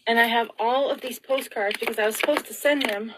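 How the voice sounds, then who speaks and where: A middle-aged woman rants straight to camera in a somewhat high voice. She sounds frazzled and close to tears, sighing, breaking off mid-sentence and firing off rhetorical questions. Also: brisk, noisy background. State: tearful. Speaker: vlogger. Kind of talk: emotional rambling monologue.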